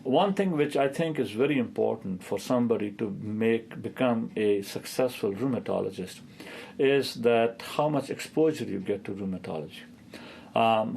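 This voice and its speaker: A man's voice: on the low side, vocal fry, warm tone, a little hiss or hum. A man in his fifties, a rheumatologist, answering interview questions and telling stories with a hesitant delivery full of filler sounds.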